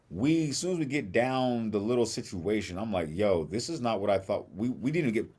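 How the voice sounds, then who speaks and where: A man with a very deep voice tells a story in a loose, casual way on a podcast. He acts out what other people said and swears freely as he goes. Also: expressive, brisk, dark tone, slightly rough. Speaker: podcast co-host.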